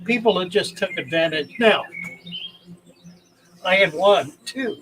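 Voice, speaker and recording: An older man hosting his channel, retelling personal anecdotes in a deliberate, emphatic way with heartfelt pauses. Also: high voice, animated, music in the background, poor audio. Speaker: channel host. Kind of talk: storytelling anecdote.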